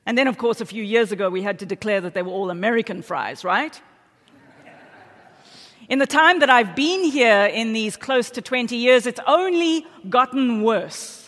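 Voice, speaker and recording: A woman's voice: fairly high pitch, expressive, normal speed, a bit bright. A middle-aged woman with a South African accent preaching a sermon in a church, telling stories in a chatty, self-deprecating way with frequent asides to the congregation. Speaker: pastor. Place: church sanctuary. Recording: long church hall reverb.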